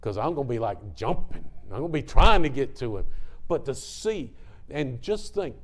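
A man's voice: mid-range voice, big pitch swings, moderate pace. A middle-aged man preaching a sermon in a fervent, folksy way, often stopping to apologize for his tangents.

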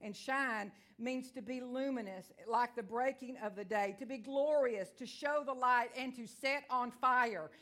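A middle-aged woman with a Texan accent preaching a sermon in a folksy, animated way, with frequent amens and asides. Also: fairly high pitch, unhurried, hardly any pauses.

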